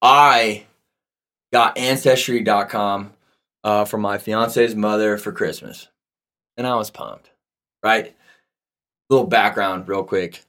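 A man's voice: on the low side, sharp tone. A young man chatting on a podcast, loose and profane. He tells stories in a joking way. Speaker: podcast co-host. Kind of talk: casual chat.

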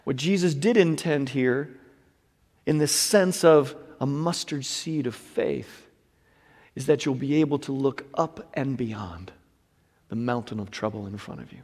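A man preaching a sermon as pastor, moving from hushed, whispered passages to loud, shouted exhortation. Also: mid-range voice, measured pace, in a large hall.

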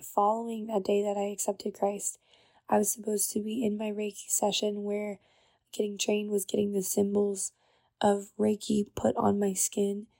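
A woman's voice: medium pitch, gravelly, dark tone, husky, no room sound. A young woman host telling her personal testimony in an earnest, emotional way, with lots of "like". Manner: earnest, emotional, uses "like" often. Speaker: podcast host.

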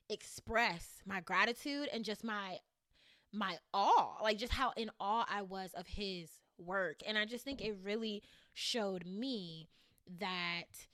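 A woman hosting a podcast, telling a personal story in animated casual chat and calling her listeners y'all. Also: medium pitch, no room sound, studio quality. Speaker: podcast host.

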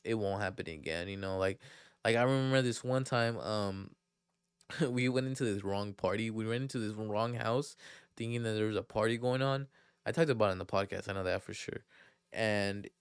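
A man's voice: lowish voice, clean tone, dry recording, studio quality. A young man hosting a podcast, telling stories in a rambling, profane, laid-back way full of fillers. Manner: laid-back, self-mocking. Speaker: podcast host. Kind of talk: casual storytelling podcast.

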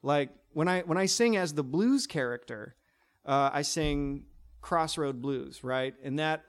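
A man's voice: fairly high pitch, a little slow. A man with a tenor voice, a stage performer chatting in an interview, with many fillers and restarts. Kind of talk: casual interview talk.

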